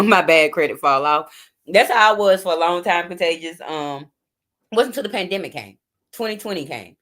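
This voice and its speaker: Chatty woman hosting a late-night livestream. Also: low voice. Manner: chatty, informal, talks straight to viewers. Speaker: livestream host. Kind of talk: casual livestream chat with viewers. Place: home at night. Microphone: phone or webcam.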